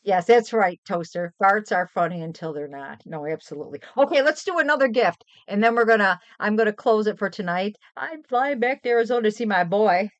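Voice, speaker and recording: Here an older woman on a relaxed live stream spins rambling, animated tales in casual chat, speaking briskly with few pauses. Her pitch is medium. The lo-fi stream sound is dry and dull, without any echo.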